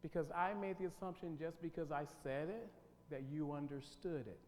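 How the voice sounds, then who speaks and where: At normal speed and in a slightly high, slightly mellow voice, a workshop leader runs an interactive team-building talk, putting emphasis on his words and quizzing the audience. The church hall recording has long reverb and a faint hum.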